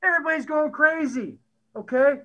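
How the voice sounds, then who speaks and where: Brief: middle-aged man, football coach, lively storyteller who plays out quotes; higher pitch, bright edge. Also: moderate pace, highs cut off. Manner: animated storyteller who acts out quotes and laughs often. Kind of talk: storytelling at a conference talk.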